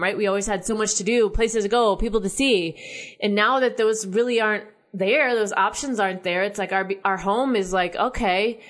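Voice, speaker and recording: In a mid-range, slightly bright voice, a young American woman muses aloud in a relaxed monologue. Her chatty delivery is packed with "like" and "right?".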